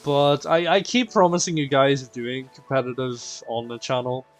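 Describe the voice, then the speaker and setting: A man's voice: mid-range voice, moderate pace. A man hosting a live stream, chatting playfully with his viewers. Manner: animated and playful, addressing chat as "people". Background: faint game music.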